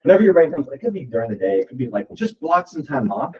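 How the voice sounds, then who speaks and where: A man of middling pitch talks to his team from some way off the microphone, loose and chatty, circling back with "like" as he urges them on. The sound is dull and lo-fi, with the room around him clearly audible. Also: very animated, fast. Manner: casual, rambling, peppered with "like". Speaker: real estate team leader. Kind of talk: motivational talk at a team meeting. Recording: distant, dull lo-fi room recording.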